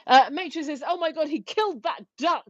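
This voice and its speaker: A woman's voice: high-pitched, fairly quick, dry recording, highs cut off. A woman co-hosting a casual livestream, giggling as she reads viewer comments aloud. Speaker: livestream co-host.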